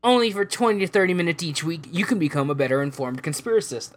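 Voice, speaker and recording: A man's voice: a little high, lively intonation, quick pace. A man hosting a casual podcast, chatting and laughing often between his lines. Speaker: podcast host. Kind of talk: casual chat.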